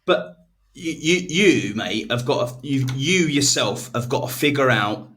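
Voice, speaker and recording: A man's voice: mid-range voice, animated, fairly bright tone. Sweary rambling man. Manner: sweary, rambling, slips into quick mock voices. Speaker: podcast co-host. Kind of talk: casual banter.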